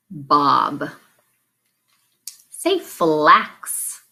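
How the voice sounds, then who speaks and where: A woman teacher running a phonics drill, giving patient, clearly stretched-out word prompts. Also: sits low, very animated, very slow, long pauses, pushed and bright. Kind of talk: slow, deliberate classroom drill.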